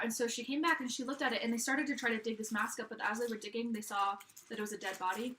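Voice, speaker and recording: A woman's voice: a little high, quick pace, hardly any pauses, roomy sound. A young woman telling a scary story casually, rambling with lots of fillers. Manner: rambling, filler-heavy, relaxed. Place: in a car.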